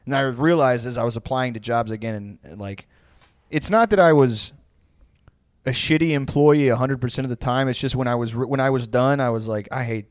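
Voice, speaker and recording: A man's voice: medium pitch, brisk, no room sound, studio quality. A young man, telling rambling, profane stories as a podcast co-host in casual chat. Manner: laid-back, profane, rambling storyteller.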